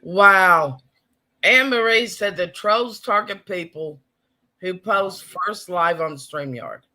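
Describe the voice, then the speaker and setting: Chatty bright-voiced man hosting a live stream. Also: high voice, slow pace. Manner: chatty, greets viewers and reads chat comments aloud. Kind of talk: casual live-stream chat.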